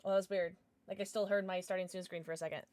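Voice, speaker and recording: A woman's voice: on the low side, level tone, rapid-fire, darkish tone, dry recording, clean studio sound. A woman hosting a casual livestream, bubbly and chatty as she greets her viewers by name and blows them kisses. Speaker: livestream host.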